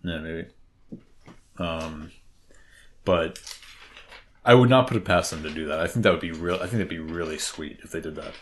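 A man with a Boston accent co-hosting a casual podcast chat, excitable and rambling, often restarting his sentences. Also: sits low, moderate pace, long pauses, a little hiss or hum. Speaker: podcast co-host.

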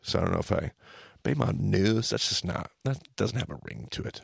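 A man's voice: deep voice, normal speed, creaky, breathy edge, no room sound, studio quality. A man hosting a podcast, teaching in casual chat and acting out the lines he quotes. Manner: animated storyteller, acts out quoted lines.

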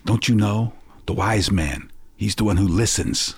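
A man voicing his stern, soft-spoken old grandfather as he scolds a child in a hushed, firm voice. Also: on the low side, a little slow, slightly rough, no echo, pitched above the performer's own voice, exaggerated voice.

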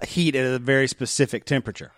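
A man's voice: mid-range voice, fast, no room sound, studio quality. A man co-hosting a casual podcast, chatty and joking, often laughing. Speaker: podcast co-host. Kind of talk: casual chat.

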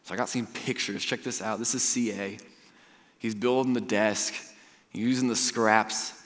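A male pastor preaching a sermon in a church auditorium, talking in a lively, conversational way and swinging from loud to hushed. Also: lowish voice, measured pace. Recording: long reverb of a large hall.

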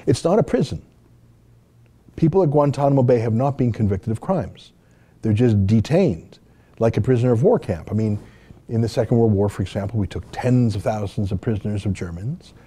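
A Canadian man hosts and delivers opinionated, indignant commentary peppered with rhetorical questions. His lowish voice is mellow with a breathy edge, and he speaks in a brisk, animated way.

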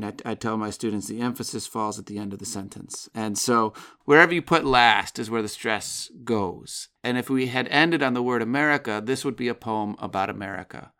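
A man who teaches writing, co-hosting a poetry discussion and explaining a poem's form in a measured, reflective way. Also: medium pitch, a bit bright, clear, resonant tone. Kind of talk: close-reading conversation about a poem.

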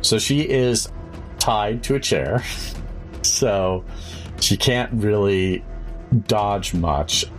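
Deep-voiced male game master. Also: very slow, pauses often, a bit bright, faint music behind. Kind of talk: narrating a tabletop game.

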